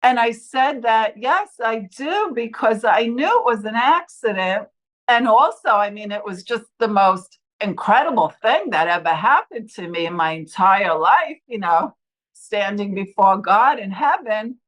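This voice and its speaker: Her voice is mid-range and a little slow, captured on a rough recording. This New York–area woman shares a personal testimony about nearly dying, staying earnest throughout and performing other people's lines with animated voices.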